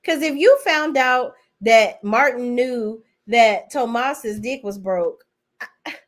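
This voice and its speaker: A woman's voice: a little high, slow pace. A woman giving a casual, blunt and profane recap of TV episodes, chatting straight to her viewers. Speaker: TV show reviewer.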